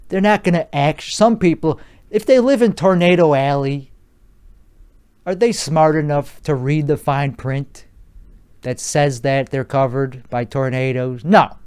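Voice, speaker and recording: A man's voice: on the high side, darkish tone, clear, resonant tone. A man hosting a solo podcast, rambling through a crude comedic riff with restarts and swearing. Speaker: podcast host.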